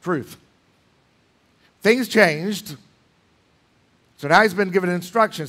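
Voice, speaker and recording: A pastor preaching in a church, emphatic, with dramatic swings between loud lines and hushed ones. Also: male voice, high voice, expressive, unhurried, long pauses. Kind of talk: sermon. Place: church sanctuary.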